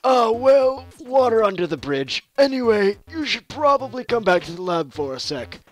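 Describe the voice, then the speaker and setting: A high-pitched old inventor, fussy and folksy, his voice swooping up and down as he explains things, as a young man puts him on while reading game dialogue. He talks like an old-timer scolding a youngster. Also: very animated, normal speed. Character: eccentric old male ghost-hunting scientist. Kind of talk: game dialogue read aloud.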